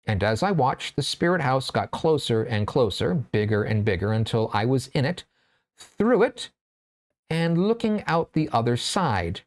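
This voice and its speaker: Animated male storyteller. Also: mid-range voice, moderate pace, few pauses. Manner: expressive, animated storytelling; relaxed, chatty teaching with fillers. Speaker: writer and class host. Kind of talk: reading a story aloud, then teaching a class.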